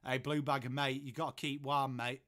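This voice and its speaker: A man's voice: medium pitch, flat delivery, moderate pace, sharp tone. A man with an English accent hosting a casual live-stream watchalong from home, chatting along and greeting viewers by name as he reacts to their messages. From England.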